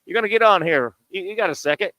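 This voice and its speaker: A man's voice: high voice, fast, bright, forceful tone, dry recording. A man hosting a sports talk show, ranting combatively with pointed rhetorical questions, broadcasting from a bar and grill. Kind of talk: sports talk radio rant.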